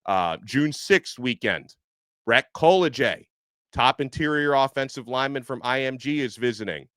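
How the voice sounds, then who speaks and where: A man hosting a casual sports podcast, talking in a chatty, animated way with plenty of fillers. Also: medium pitch, normal speed, no echo. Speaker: podcast host. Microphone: headset earpiece.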